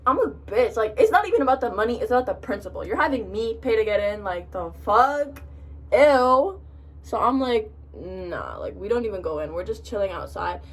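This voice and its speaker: A young woman, a college freshman, telling a profane, animated story to the camera while doing her makeup. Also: medium pitch, brisk, hardly any pauses, far from the mic. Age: young adult. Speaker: vlogger. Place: in front of a mirror, doing makeup. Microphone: camera a short distance away.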